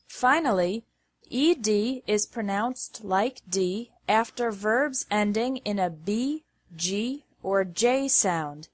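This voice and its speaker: Female pronunciation teacher, very deliberate pace, dry recording, word-by-word delivery. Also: mid-range voice, lively intonation, dry recording. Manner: reads word lists one by one with careful pauses. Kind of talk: slow scripted pronunciation lesson.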